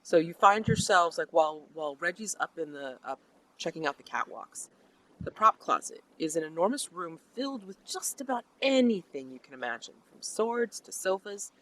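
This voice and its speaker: A game master narrating a tabletop role-playing session in a chatty, animated way with many fillers. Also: mid-range voice, normal speed, rough recording.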